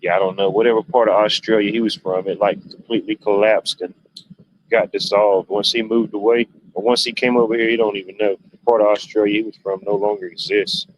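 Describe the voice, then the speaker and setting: Speaking a little fast in a lowish voice with a level tone, a livestream host rambles casually through his stories. His phrasing is loose and drawling, and the dull lo-fi stream audio carries faint noise.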